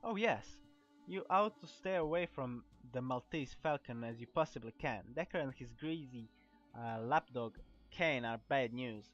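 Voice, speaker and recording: A man's voice: mid-range voice, lively intonation, normal speed, fairly bright tone, faint music behind, natural voice. Man voicing a chatty gossiping shopkeeper woman. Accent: Croatian. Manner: reads lines aloud with stumbles and restarts. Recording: dull lo-fi recording.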